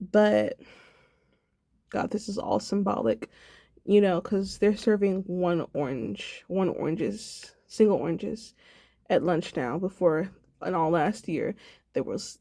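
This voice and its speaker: A woman's voice: on the low side, gravelly, dark tone, no room sound, studio quality. A sad, subdued young woman in a personal video diary, talking reflectively and rambling with many fillers. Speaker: vlogger.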